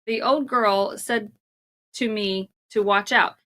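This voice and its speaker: A woman co-hosting a casual podcast, reading an article aloud haltingly and giggling between lines. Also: medium pitch, steady tone, a bit bright. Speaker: podcast co-host.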